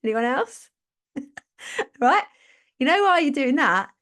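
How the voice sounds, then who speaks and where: A woman's voice: high voice, sing-song, slow, fairly bright tone. A woman hosting a live stream. She gives casual motivational talk, chatting and laughing as she acts out quotes. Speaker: podcast host and business coach.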